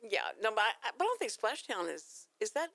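A woman's voice: a little high, very animated, fairly quick, gravelly, fairly bright tone, no room sound. Chatty older woman hosting radio. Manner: chatty, laughing, teasing. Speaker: radio talk show host. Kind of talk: casual radio chat.

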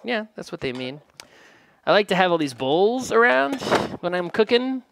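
A man's voice: sits high, very animated, moderate pace, gravelly, a bit bright. Joking man narrating his home cooking. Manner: joking, rambling, self-deprecating. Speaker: home cook vlogger. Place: home kitchen.

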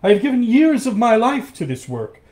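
A man's voice: high-pitched, big pitch swings, measured pace, darkish tone, pitched above the performer's own voice. A man reading aloud and voicing an anxious older male professor and inventor in a storybook tale. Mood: desperate.

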